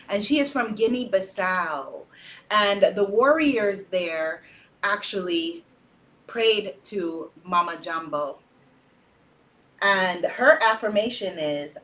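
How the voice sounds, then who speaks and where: A woman hosting a live spiritual circle, loud and exuberant, repeating affirmations, then turning slow and hushed when she speaks reverently. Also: mid-range voice, slight background noise. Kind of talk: live-streamed spiritual talk.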